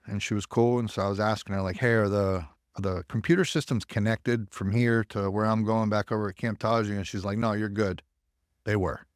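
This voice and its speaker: Blunt, profane man, lowish voice. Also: no echo, clean studio sound. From United States. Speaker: podcast guest, army veteran. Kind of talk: candid storytelling.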